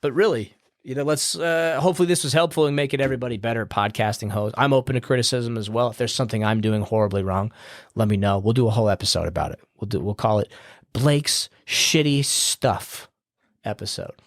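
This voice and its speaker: A man's voice: mid-range voice, a little fast, dry recording, studio quality. A man hosting a podcast, giving a blunt, profane, rambling pep talk in a casual style, with a slight New Jersey edge when he gets heated. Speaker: podcast host.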